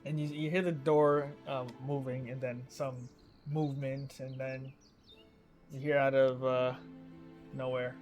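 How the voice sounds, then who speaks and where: A man's voice: medium pitch, level tone, measured pace, a little mellow, faint music behind. A man narrating a tabletop game as game master, casual and often breaking into laughter. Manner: casual, laughing between lines.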